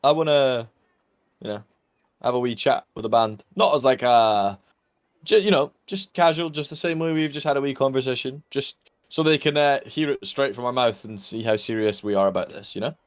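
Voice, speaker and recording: A man's voice: mid-range voice, normal speed. A man playing in a tabletop game, talking in character in a chatty, easygoing, persuasive way. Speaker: player. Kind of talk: casual in-character chat.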